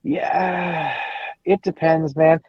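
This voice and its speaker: A man's voice: a little high, fairly even intonation, extremely slow, slightly rough, dry recording, muffled recording. A man co-hosting a casual wrestling podcast, talking bluntly and profanely and riffing on silly ideas. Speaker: co-host.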